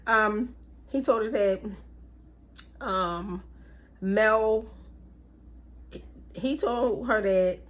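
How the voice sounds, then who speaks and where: A woman in the middle of her vocal range gives a loose, playful recap of a reality show. She talks like she's gossiping with a friend, full of slangy asides and bursts of laughter. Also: medium pitch. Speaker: TV recap vlogger.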